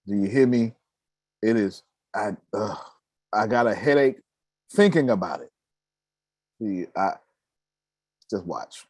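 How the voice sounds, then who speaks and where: A man hosting a casual chat, talking in an animated way, often laughing and poking fun at himself. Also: on the low side, no echo. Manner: animated, laughing, self-mocking. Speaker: host.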